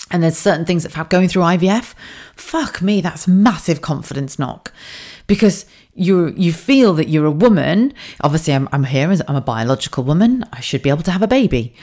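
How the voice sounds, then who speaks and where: Laughing, swearing freely and drifting into asides, a woman delivers a candid monologue as a solo podcast host. Her low voice has a darkish tone, and she rambles with frequent self-corrections and restarts.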